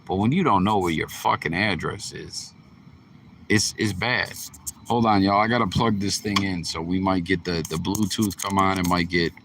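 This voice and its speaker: A low, bright-toned man riffs on a video in loose, profanity-laced commentary. He rambles and talks straight to his audience like a friend, with a faint hiss behind him. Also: normal speed. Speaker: host. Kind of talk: casual reaction commentary.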